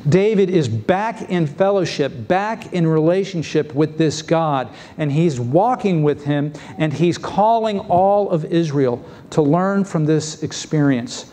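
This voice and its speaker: A man preaching a sermon as pastor, lively and acting out the voices of biblical figures. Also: fairly high pitch, measured pace, few pauses. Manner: lively, acts out scripture voices. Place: church sanctuary.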